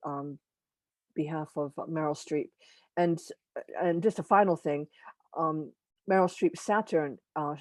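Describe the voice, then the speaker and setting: A woman giving an informal astrology lecture over a video call. She speaks in a halting way, with frequent pauses, restarts and self-corrections, and adds opinionated asides. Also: fairly low pitch, dark tone, no echo. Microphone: computer mic on a video call.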